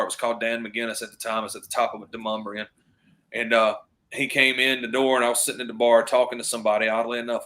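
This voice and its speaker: A man's voice: mid-range voice, pushed and bright. A man, a guest chatting casually on a podcast and telling stories with acted-out quotes. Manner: storytelling, acts out quoted voices, drawling repeats.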